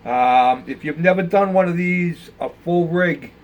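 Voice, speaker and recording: A man's voice: a little high, unhurried, muffled recording. An older man telling a casual, rambling story about building model ships, with plenty of fillers. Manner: rambling, conversational, with many fillers.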